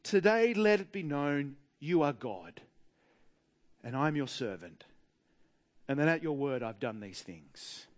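A man's voice: a little high, sing-song, measured pace, long pauses, voice pushed down. A man voicing the prophet Elijah as he quotes him in a sermon, mocking at times and praying earnestly at others. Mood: solemn prayer. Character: prophet Elijah, adult man, bold and devout.

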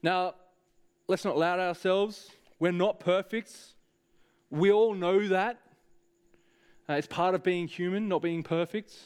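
A man's voice: sits high, fairly even intonation, a little slow, pauses often, a little mellow, clean tone. A man preaching a sermon, speaking earnestly and directly to the congregation with frequent hesitations.

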